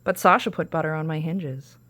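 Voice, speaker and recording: A woman's voice: deep voice, brisk, a bit bright, no echo. Woman doing a neglected talking gate. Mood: reproachful.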